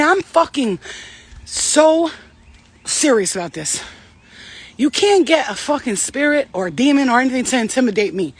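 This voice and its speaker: A woman's voice: fairly high pitch, husky. A woman delivering a brash, confrontational spiritual rant, swearing heavily. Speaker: spiritual vlogger.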